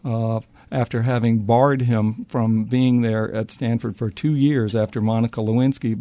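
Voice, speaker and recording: A man's voice: mid-range voice, mellow, dry recording. A man, an author answering interview questions with many restarts and fillers. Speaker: author and historian.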